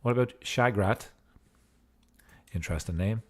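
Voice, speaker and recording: A man's voice: sits low, moderate pace. A man giving casual gameplay commentary as a streamer, in a goofy mood with joking asides. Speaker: gaming streamer.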